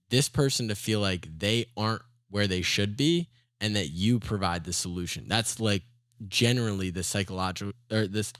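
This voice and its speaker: Deep-voiced podcast host asking questions. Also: male voice, dry recording, clean studio sound. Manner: curious, thinks aloud while framing questions. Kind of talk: casual podcast interview.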